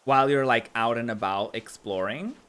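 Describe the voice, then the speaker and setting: A man's voice: medium pitch, normal speed, fairly bright tone, smooth. A man chatting casually while streaming a game, filled with "like" and laughs. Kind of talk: casual gameplay commentary.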